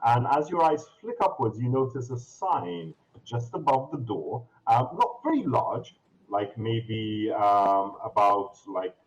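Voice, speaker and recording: Lively man narrating as game master. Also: medium pitch, takes it slowly, poor audio. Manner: rambling descriptions with many ums and restarts.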